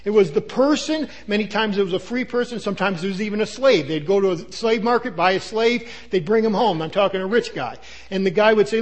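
An older male pastor delivers a lively sermon with a fairly high-pitched voice. He talks in an animated preaching manner, breaking into quick asides and acted-out lines.

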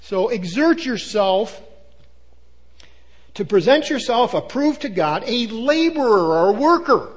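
Animated older male pastor preaching. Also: very high voice, measured pace, breathy edge. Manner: animated preaching with acted asides. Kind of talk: sermon.

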